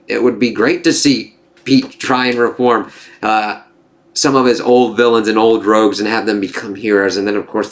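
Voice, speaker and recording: Rambling casual male comic reviewer. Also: fairly low pitch. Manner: rambling, casual, swears freely.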